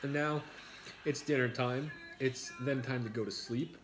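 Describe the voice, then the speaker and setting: A man's voice: mid-range voice, steady tone, a little slow, over music. A middle-aged man with a New York accent, hosting a casual eating video and joking his way through rambling stories. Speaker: mukbang host. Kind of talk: casual chat while eating.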